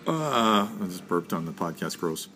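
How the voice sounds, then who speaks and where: A man's voice: sits low, very animated, a little slow, pushed and bright, soft background music. A man co-hosting a casual podcast, running through a list of TV news with joking asides. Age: adult with a son. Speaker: podcast co-host. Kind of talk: casual chat.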